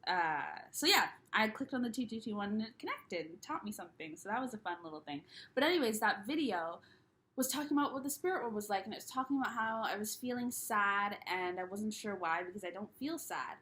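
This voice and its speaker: A woman's voice: medium pitch, bright, forceful tone. Rambling young woman vlogging casually. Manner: rambling, frequent restarts and laughs; candid, loose and self-mocking. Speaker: spiritual YouTuber. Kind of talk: casual solo vlog chat.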